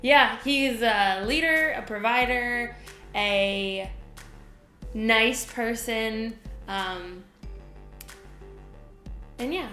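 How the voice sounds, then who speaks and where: A young woman co-hosting a couple's vlog, chatting casually in a relaxed, halting way. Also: a little high, echoey room, faint music behind. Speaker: vlog co-host. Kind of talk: casual chat.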